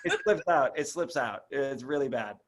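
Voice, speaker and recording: A man's voice: medium pitch, expressive, moderate pace. A young man from Boston with a slight Boston accent, a comedian guest chatting casually in a self-deprecating, easygoing way. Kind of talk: casual chat.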